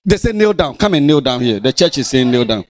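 A Ghanaian-accented pastor preaches in church, scolding and teasing his congregation in an animated, playful way. His voice is medium in pitch and a little fast.

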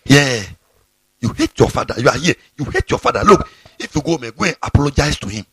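A male pastor preaches a scolding sermon, his raspy, breathy voice swinging widely in pitch. He sits a bit high for a man and repeats phrases for emphasis. The sound is dry, with no room echo. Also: big pitch swings, a little fast. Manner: fiery, scolding, repeats himself. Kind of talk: sermon to students.

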